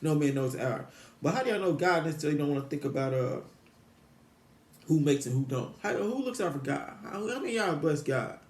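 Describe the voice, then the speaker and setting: A man's voice: on the high side, lively intonation, fairly quick, darkish tone, reverberant. A man, rambling about God to his viewers, full of restarts and rhetorical questions. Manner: meandering, repetitive, frequent restarts, rhetorical questions. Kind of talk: rambling religious musing to viewers.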